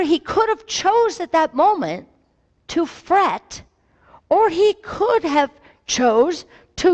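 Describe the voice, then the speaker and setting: A woman pastor giving a gentle, reflective sermon and telling a story to her congregation. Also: extremely high pitch. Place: church sanctuary. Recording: long reverb in a hall.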